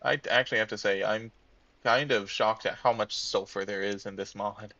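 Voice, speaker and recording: A man's voice: on the low side, steady tone, moderate pace, sharp tone, no room sound, lo-fi sound. A man casually commenting on his gameplay, thinking aloud and muttering to himself as he plays. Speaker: let's-play gamer.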